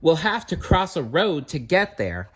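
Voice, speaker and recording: Man doing a high-pitched lady kestrel, watchful and urgent, storybook read-aloud. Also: big pitch swings, measured pace, a bit bright, husky, heavily acted. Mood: cautious. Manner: urgent, calling out directions. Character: small bird of prey, female, watchful guide.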